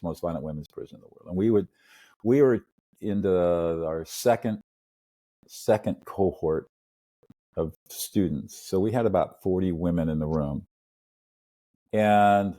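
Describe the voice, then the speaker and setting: Husky low-voiced man telling stories. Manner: earnest, animated storyteller who acts out little scenes. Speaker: peacemaker and mediator, podcast guest. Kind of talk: storytelling interview talk.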